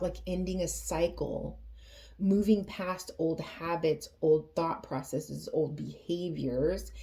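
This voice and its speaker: A woman reads tarot cards for her viewers in a slow, unhurried voice that sits a little low. She speaks earnestly and with feeling, often stopping to restart a thought. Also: mellow. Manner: earnest, emotional, halting with many restarts. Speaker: tarot reader. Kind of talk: spoken tarot reading.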